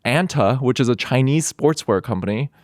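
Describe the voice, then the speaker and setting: A man co-hosting a podcast in casual comedic chat, animated and sarcastic. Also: mid-range voice, moderate pace, no room sound, clean studio sound. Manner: animated, sarcastic, laughs easily. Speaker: podcast co-host.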